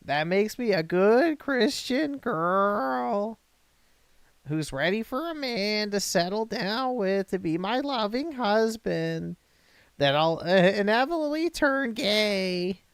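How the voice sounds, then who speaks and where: A man's voice: lively intonation, clean tone, no room sound, exaggerated voice. A man putting on a screeching mocked woman. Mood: sneering parody. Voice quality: shrill, screeching. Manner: sneering parody, slow and drawn out. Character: screeching, hypocritical young woman being mocked.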